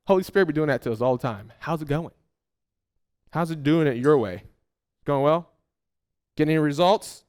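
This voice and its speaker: With a fairly high-pitched voice and a fairly quick pace, a pastor delivers a sermon, addressing his congregation directly. He's conversational and animated, performing the responses people might give.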